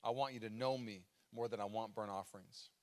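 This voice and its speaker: A man's voice: lowish voice, a little fast. An American man in his thirties, a pastor giving a sermon live in a church, telling stories and acting out his own cries. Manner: animated storytelling with dramatic acted-out cries. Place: church auditorium. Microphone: live stage microphone.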